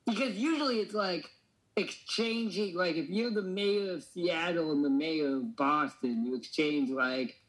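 A man's voice: a little high, a bit bright, low-quality recording. Joking man hosting a podcast. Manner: joking, quick asides. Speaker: podcast host. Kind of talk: casual podcast banter.

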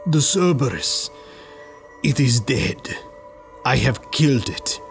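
A man's voice: mid-range voice, lively intonation, slow pace, creaky, faint music behind. A man voicing a wounded, cunning duke who speaks formally in a strained, gargling voice. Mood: coaxing. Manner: formal stiff speech, pleading.

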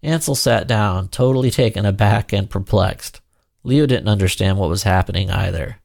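A man narrating a children's storybook in an expressive, animated reading. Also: on the low side, normal speed, vocal fry, no room sound, clean studio sound.

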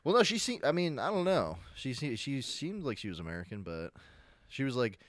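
A man's voice: mid-range voice, sing-song, fairly quick. A young man with a Philadelphia-area accent, telling stories animatedly in casual chat, laughing often and full of fillers.

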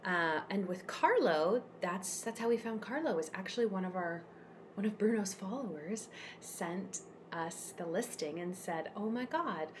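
A woman telling a personal story as a guest in a casual conversation, emotional and expressive with frequent fillers. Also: mid-range voice, noisy background. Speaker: podcast guest, cat rescuer.

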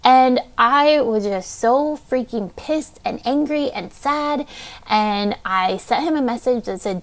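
A woman's voice: fairly high pitch, takes it slowly. A young woman hosting a podcast, telling a personal story in a casual, candid way. She says "like" often, swears freely and speaks with open emotion. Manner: casual, heavy use of "like", frequent swearing; candid and heartfelt, openly emotional. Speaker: podcast host.

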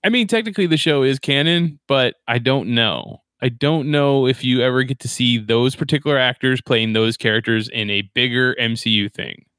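A man co-hosting a casual podcast chat, easygoing and quick to laugh. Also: medium pitch, a bit bright, clean tone, dry recording, studio quality. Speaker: podcast co-host.

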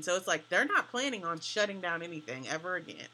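A woman with a lowish voice explains her points steadily in a relaxed, conversational way. Her tone is bright and clear. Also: quick pace, a little hiss or hum. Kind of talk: casual chat.

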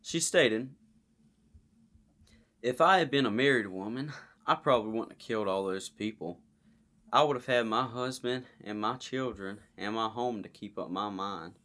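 A man's voice: on the low side, moderate pace, fairly bright tone. A man co-hosting a casual true-crime podcast, reading a case aloud and joking with his co-host.

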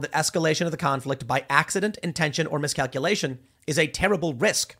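A man hosting a political commentary show, talking in an animated, rambling monologue with many restarts. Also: a little high, fast talker, breathy edge.

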